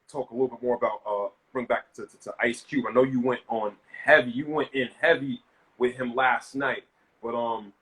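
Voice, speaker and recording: A man's voice: mid-range voice, fairly bright tone, rough recording. A man hosting a casual podcast, talking loosely with frequent restarts. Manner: loose, rambling, many restarts and fillers. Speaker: show host.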